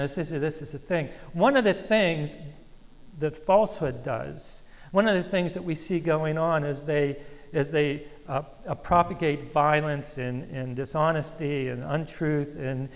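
A man preaching a sermon as pastor, earnest and halting with restarts, slowing down when he reads scripture aloud. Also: a little high, fairly even intonation. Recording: long reverb of a hall.

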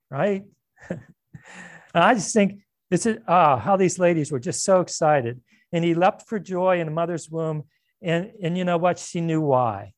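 Animated male pastor, dry close sound. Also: high voice, dry recording. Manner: animated, conversational, with frequent restarts and asides. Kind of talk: sermon.

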